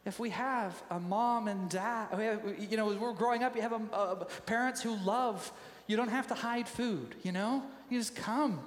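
A man preaching a sermon as pastor, animated, and now and then acting out quoted voices in sudden loud bursts. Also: very high voice, normal speed. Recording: echoey hall with faint ambience.

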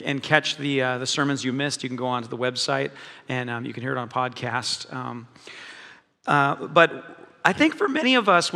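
A man's voice: medium pitch, pushed and bright, big-room sound. A man preaching a sermon in a conversational way, with many fillers and restarts. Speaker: pastor.

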